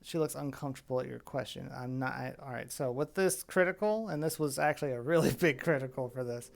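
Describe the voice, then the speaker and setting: A man narrating as game master of a tabletop game, with relaxed, laughing asides. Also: mid-range voice, fairly quick, creaky.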